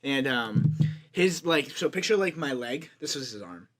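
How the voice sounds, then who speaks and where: A young man in easy podcast banter, his voice sitting at an ordinary middle pitch. He rambles through stories with loose fillers, laughs a lot and swears without a second thought, talking into a headphone-and-mic setup. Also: lively intonation, a little slow, a bit bright. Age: young adult. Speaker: podcast co-host. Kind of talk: casual chat.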